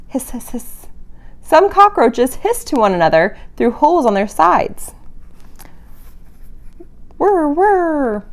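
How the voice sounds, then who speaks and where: Animated woman reading a picture book. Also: mid-range voice. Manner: animated read-aloud, playful sound effects. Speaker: family camp leader.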